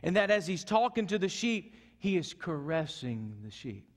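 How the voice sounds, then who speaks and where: A male pastor preaching a sermon earnestly, moving from loud urgency to soft, hushed passages. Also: sits high, big pitch swings, moderate pace. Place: church sanctuary. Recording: echoey church hall.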